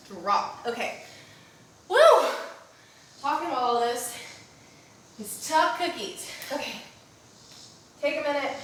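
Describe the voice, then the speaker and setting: A woman's voice: mid-range voice, bright, forceful tone, slight background noise. A young woman teaching a postpartum workout, cueing breaths and reps while a little out of breath and often checking in with "okay?". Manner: coaching, cues breathing and reps, frequent "okay?". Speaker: postpartum fitness instructor. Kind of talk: live workout instruction. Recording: very echoey room, mic at a distance.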